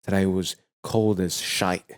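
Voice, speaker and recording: A man's voice: deep voice, little pitch movement, measured pace, clean tone, voice pushed down. Crude British bloke, cheeky and mock-posh, put on by a male host.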